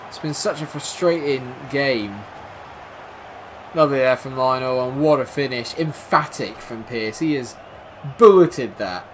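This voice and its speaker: A young man commentating his own football video game, calm between plays and shouting when goals go in. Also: medium pitch, a little slow, slight background noise. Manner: excitable, shouts at goals, dry jokes. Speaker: gaming YouTuber. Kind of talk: gameplay commentary.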